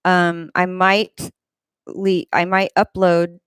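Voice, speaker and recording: Speaking through a desk microphone in a home room where a fan runs, a woman hosts a casual livestream, reading viewers' comments aloud and rambling between asides. Her voice is on the low side, smooth, flat and slow, and the recording is dry.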